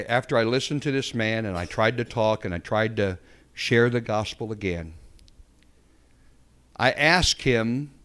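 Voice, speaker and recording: Slow, deliberate male preacher. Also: lowish voice, fairly bright tone. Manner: storytelling preacher who builds to fervent emphasis. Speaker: pastor. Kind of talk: sermon.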